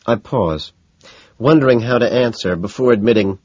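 A man narrating an audiobook in the first person, low-key and dejected. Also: a little fast, breathy edge, dry recording. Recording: dull lo-fi sound.

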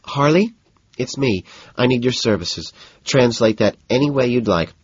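A man's voice: mid-range voice, animated, normal speed, husky, dry recording, pitched above the performer's own voice. A man voicing a snobby, tipsy young socialite woman who talks in a bored, gossipy drawl, in a slightly muffled recording. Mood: bored, snobbish.

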